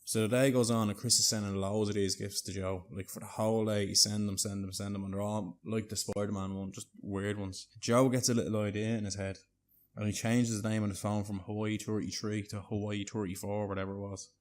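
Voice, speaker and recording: A man's voice: fairly low pitch, level tone, fairly quick. A man telling a prank story casually, rambling and checking in with "right?" and a bit of swearing.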